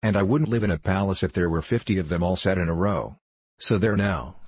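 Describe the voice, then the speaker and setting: A proud, impulsive little girl in a storybook, giving lofty orders as a man reads her lines. The voice stays low and slightly husky instead of rising high. It is close and dry. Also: a little fast, no room sound. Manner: lofty, bossy play-acting.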